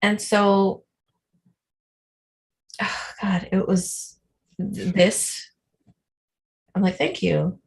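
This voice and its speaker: A woman co-hosting a live online show, telling a story in a rambling, animated way full of fillers. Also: medium pitch, very slow, long pauses. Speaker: co-host. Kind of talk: casual livestream storytelling.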